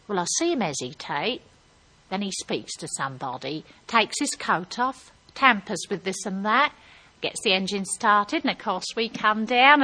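A woman's voice: mid-range voice, expressive, unhurried, bright, forceful tone, poor audio. A woman performing a comic character monologue in a chatty, gossipy storytelling manner. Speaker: comedian.

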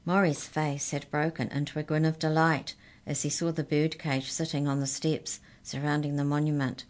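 A woman reads a children's story aloud in a low, gentle voice. Her narration is expressive and measured, made to carry a young listener through the tale.

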